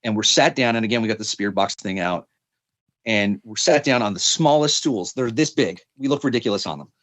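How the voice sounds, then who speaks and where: A man's voice: lowish voice, fairly quick, fairly bright tone, no echo. A young man, a podcast guest, telling a story in a casual, rambling way, full of fillers and restarts.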